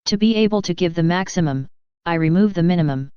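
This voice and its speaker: A woman giving a measured, even devotional reading. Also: fairly low pitch, clear, resonant tone, no echo. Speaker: reader. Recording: slightly dull lo-fi recording.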